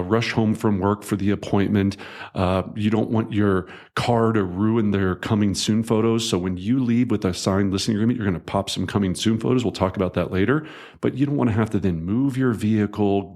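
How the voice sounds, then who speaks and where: A middle-aged man with a fairly low voice reads his own sales training book aloud. He talks like a coach across the table, conversational and emphatic, and now and then acts out a quoted voice. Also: darkish tone. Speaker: real estate coach. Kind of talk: audiobook narration of a sales training.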